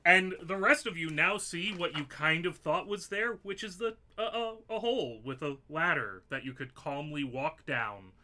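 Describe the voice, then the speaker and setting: Bright-voiced man running a tabletop game. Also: fairly high pitch, normal speed, few pauses. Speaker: game master. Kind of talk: narrating an online tabletop game.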